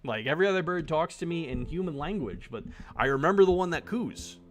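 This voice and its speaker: A man's voice: a little high, animated, brisk. A man streaming a dating sim live, making blunt, joking asides and swearing casually. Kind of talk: live-streamed game commentary.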